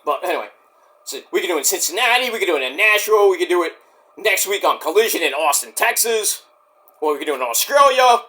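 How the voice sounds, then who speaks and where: Man, high voice, swings all over, excitable wrestling chat, swears a lot. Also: quick pace. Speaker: wrestling show reviewer. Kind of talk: casual live-watch commentary.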